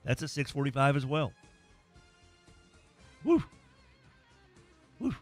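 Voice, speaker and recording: A man hosting a morning sports radio show, chatting casually and breaking into excited play-by-play. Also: mid-range voice, slow, soft background music.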